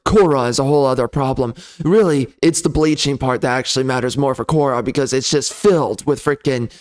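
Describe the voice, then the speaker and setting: A man delivering a loud, sneering, profane comedy rant as a game reviewer. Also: mid-range voice. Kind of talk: ranting comedy commentary.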